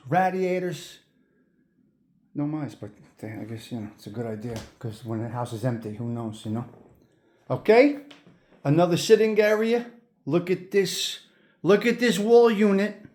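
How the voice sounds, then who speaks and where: Walking between the rooms of an old house, a man gives viewers a tour in a voice on the high side with a darkish tone. He speaks with admiration and repeats his words.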